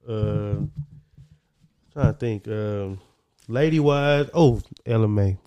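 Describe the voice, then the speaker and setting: A man's voice: lowish voice, slow, warm tone, smooth, dry recording, muffled recording. A man with a Southern US accent chatting casually, thinking aloud with lots of ums and uhs. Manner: laid-back, thinks aloud with many fillers. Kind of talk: casual chat.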